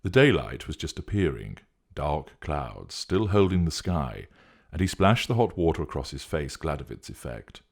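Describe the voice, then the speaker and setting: A man narrating a story in a steady, measured reading voice. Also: very deep voice, creaky, slightly rough.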